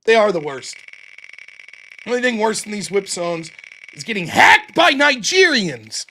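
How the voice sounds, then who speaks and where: High-voiced, lively male streamer. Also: a little slow, a little hiss or hum. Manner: profane, joking, ranting. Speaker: livestream host. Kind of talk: casual livestream chat.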